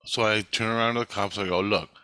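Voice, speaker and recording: Profane, bright-voiced man telling a story. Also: fairly low pitch, quick pace, smooth, no room sound. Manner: profane, animated, swears constantly. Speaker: storyteller recounting a dream. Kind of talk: casual spoken storytelling.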